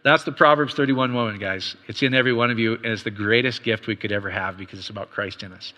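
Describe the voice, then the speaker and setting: Middle-aged male pastor, bright and forceful, casual preaching style peppered with rhetorical questions, ringing hall reverb. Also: fairly low pitch. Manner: conversational preaching, quick asides and rhetorical questions. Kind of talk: sermon.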